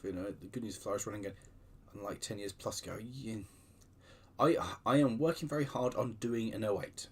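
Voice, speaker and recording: With a lowish, husky voice and a brisk pace, this man rambles through his casual livestream, knocking himself and restarting often. Keyboard typing clicks away in the background.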